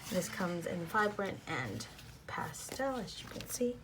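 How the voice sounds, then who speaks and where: A woman in her thirties narrating a casual plan-with-me video at home, talking softly and often half-whispering to herself, flustered and self-deprecating about her mistakes. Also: lowish voice, very animated, a little slow. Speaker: planner vlogger. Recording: noisy home recording.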